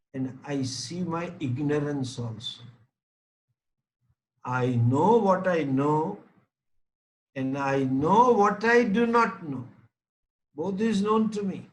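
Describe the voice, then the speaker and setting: Slow-speaking spiritual teacher, high-voiced man. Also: low-quality recording. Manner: patient explaining with homely examples; short phrases with repetition. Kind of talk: scripture class lecture.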